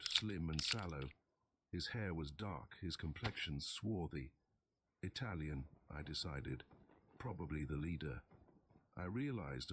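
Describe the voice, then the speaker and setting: Man, very deep voice, steady storytelling narration, pulp tale, keyboard typing behind. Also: very noisy. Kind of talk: reading a pulp story aloud.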